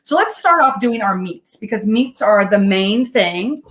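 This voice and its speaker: A woman's voice: medium pitch, expressive, a little slow, a bit bright. A middle-aged woman, chatty and upbeat, who laughs often as she demonstrates a meal in a home kitchen. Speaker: guest home cook sharing meal tips. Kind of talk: casual live-stream cooking demo.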